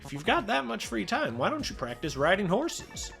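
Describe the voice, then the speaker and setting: A woman's voice: medium pitch, very animated, normal speed, gravelly, fairly bright tone, faint music behind. A woman voicing a playful old male angel who gambles, cheery and teasing.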